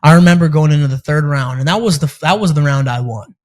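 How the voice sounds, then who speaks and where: A young man hosting a casual chat, telling animated stories, laughing often and swearing casually. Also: on the high side, quick pace, low-quality recording. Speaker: podcast host and amateur fighter.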